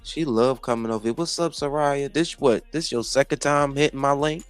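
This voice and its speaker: A man hosts a casual livestream with a mid-pitched voice. He is brash and mocking, and he swears freely at the people in his chat. Faint music plays behind him. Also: normal speed, clear, resonant tone. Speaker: livestream host.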